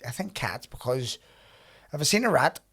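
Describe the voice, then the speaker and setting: A man's voice: on the high side, big pitch swings, normal speed, vocal fry, a bit bright, husky. A man hosting a podcast, telling blunt, swear-filled anecdotes in casual chat. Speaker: podcast host.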